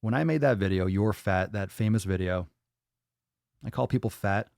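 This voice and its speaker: A man's voice: on the low side, moderate pace, vocal fry, darkish tone, no echo, clean studio sound. A man hosting a live fitness Q&A stream, blunt and profane as he answers chat. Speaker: fitness podcast host.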